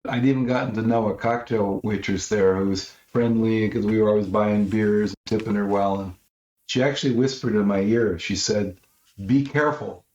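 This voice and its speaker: A man's voice: lowish voice, steady tone, normal speed, a little mellow. A man from Los Angeles, an author and guest, telling a story and acting out quotes with a raised voice. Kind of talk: animated storytelling. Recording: roomy, slightly dull audio.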